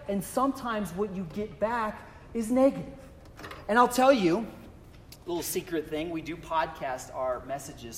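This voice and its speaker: A man preaching a sermon in a chatty, animated way, telling a story and asking rhetorical questions. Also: high voice. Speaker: pastor. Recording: long reverb of a hall.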